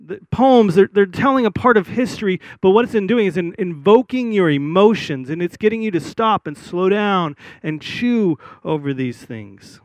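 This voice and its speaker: Guy preaching a sermon, kinda high voice, chatty with lots of uh's, slow and solemn on the scripture bits. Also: expressive, no room sound. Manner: conversational, many fillers and restarts; reads scripture slowly and solemnly. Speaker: pastor.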